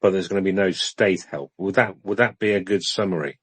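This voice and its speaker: A man's voice: low voice, a little fast, fairly bright tone, breathy edge, dry recording. A British man co-hosting an online audio discussion, talking in a conversational, hedging, self-deprecating way. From United Kingdom. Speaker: co-host.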